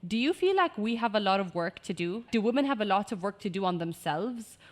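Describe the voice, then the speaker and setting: A woman hosting a podcast, asking her guest questions in a measured, conversational way. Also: mid-range voice, expressive. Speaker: podcast host. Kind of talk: interview questions.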